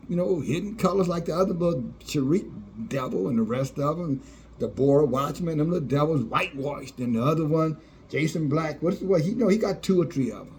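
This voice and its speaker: A man's voice: high-pitched, dark tone. A man preaching a fiery sermon, scornful and sarcastic, often laughing at those he criticizes.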